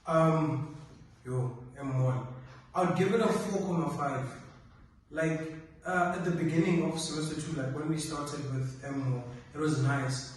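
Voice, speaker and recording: A man's voice: a little high, unhurried. A young man, a medical student chatting casually and rating his modules. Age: young adult. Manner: relaxed, filler-heavy rating talk. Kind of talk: casual chat. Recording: echoey room, distant mic.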